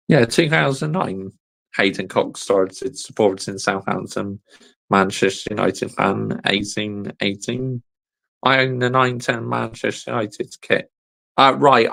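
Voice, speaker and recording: Gravelly, slow-talking man ranting. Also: medium pitch, sharp tone, poor audio. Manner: exasperated, blunt, repeats "honestly" and "mate". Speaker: livestream host reading live chat. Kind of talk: casual livestream rant.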